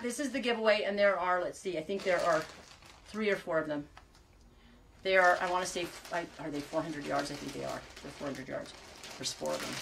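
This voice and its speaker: A woman's voice: on the low side, fairly bright tone, distant mic, a little hiss or hum. A woman knitting vlogger talking in a rambling, self-mocking casual chat.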